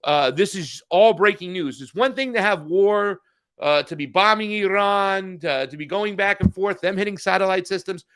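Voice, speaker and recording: High bright-voiced man ranting about news. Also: normal speed, clear, resonant tone. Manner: heated, profane, frequent restarts. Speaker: podcast co-host. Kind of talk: casual political news chat.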